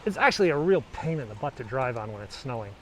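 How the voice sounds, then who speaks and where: A man's voice: medium pitch, very animated, fast talker, fairly bright tone, slight background noise, low-quality recording. A middle-aged man vlogging on a snowy walk outdoors, chatting in a rambling, anecdotal way as he films on a handheld camera. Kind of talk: casual walking tour commentary. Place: snowy city street outdoors.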